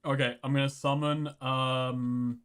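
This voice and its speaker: Eager male player, mid-pitched, quick and excitable. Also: clear, resonant tone. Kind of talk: casual tabletop play.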